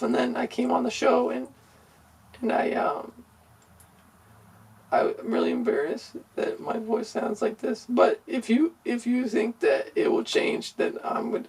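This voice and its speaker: A man putting on a squeaky raspy pop-star lady. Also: far from the mic, heavily acted. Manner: whiny, fretful and earnest. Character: shrunken kidnapped female pop singer, squeaky, self-conscious. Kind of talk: comedy podcast improv.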